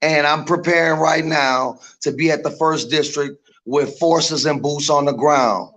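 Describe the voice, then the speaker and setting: Brief: man, stream guest, blunt and determined, slightly high voice. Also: steady tone, measured pace, fairly bright tone.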